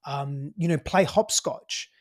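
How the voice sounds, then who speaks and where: Emphatic Australian man, slightly high voice. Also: slow pace. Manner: emphatic, sweary, full of "you know" and "right?". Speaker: podcast guest. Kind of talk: casual conversational advice.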